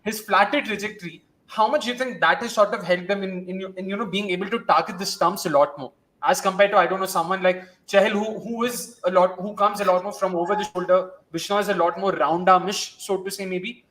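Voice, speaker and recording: A man with an Indian accent and a high voice hosts a live cricket watchalong, speaking briskly with hardly any pauses in a fairly even, fairly bright tone. He rambles, corrects himself, and switches between Hindi and English, and the recording is rough.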